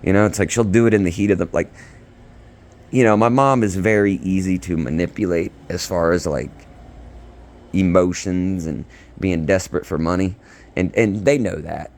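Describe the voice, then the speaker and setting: A man's voice: low voice, normal speed. A young man rambling defensively in a long monologue, recorded on his own phone. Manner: defensive, rambling, getting louder. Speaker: son recording a garage sale dispute. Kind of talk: ranting monologue to camera. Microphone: phone recording himself.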